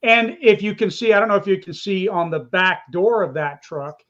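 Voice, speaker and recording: A man with a fairly high voice explains things step by step in a relaxed live chat. His audio comes through a dull, lo-fi video call line. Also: moderate pace. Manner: explanatory, walks through pictures on screen. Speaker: co-host.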